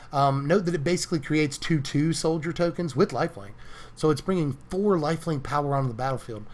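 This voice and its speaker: Chatty man reviewing cards, a touch higher voice. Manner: chatty, with frequent ums and little laughs. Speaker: host. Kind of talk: casual card review commentary. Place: recording booth.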